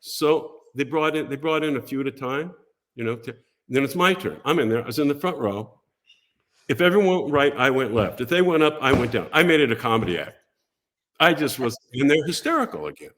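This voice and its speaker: An older man tells a long story as a talk show guest, his pitch rising and falling a great deal. He slips into the voices of the people he quotes, keeping the telling animated and theatrical. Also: moderate pace. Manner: lively, acts out voices and quotes in his stories.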